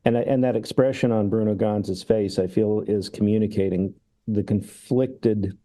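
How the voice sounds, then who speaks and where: A man's voice: on the low side, fairly even intonation, normal speed, dark tone. A man in casual film talk, rambling and laughing, acting out remembered sketches. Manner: rambling, laughs often, acts out quoted sketches. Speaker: podcast co-host discussing films.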